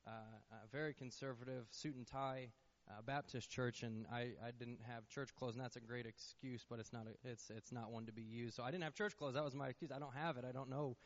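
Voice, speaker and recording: A young man shares his personal testimony before a congregation. He tells it earnestly, stumbling and repeating words as he goes. His voice sits at a middling pitch, and the recording sounds a little dull and lo-fi. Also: steady tone, brisk. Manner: earnest storytelling, frequent restarts and repeated words. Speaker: church member giving testimony. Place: church sanctuary.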